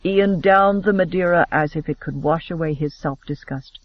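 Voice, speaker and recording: A male narrator with a notably high-pitched voice reads a romance audiobook with steady, expressive pacing. The sound is very dry and close. The audio is slightly muffled, lacking top-end sparkle. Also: moderate pace, no echo.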